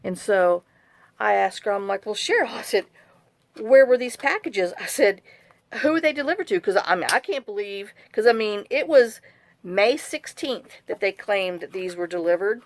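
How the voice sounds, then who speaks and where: A talkative woman with a drawl tells stories as she works on a craft project. Her voice sits at a middling pitch, recorded dry with no room echo. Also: animated, moderate pace. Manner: chatty, rambling storyteller, venting complaints. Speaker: journal-making craft vlogger. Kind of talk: casual chat while crafting.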